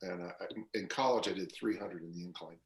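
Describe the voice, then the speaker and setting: A man's voice: low-pitched, fairly quick, a little hiss or hum. A man in his sixties, a strength coach talking as a podcast guest in a loose, rambling storytelling way, full of fillers and restarts. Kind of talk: casual podcast interview. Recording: roomy echo.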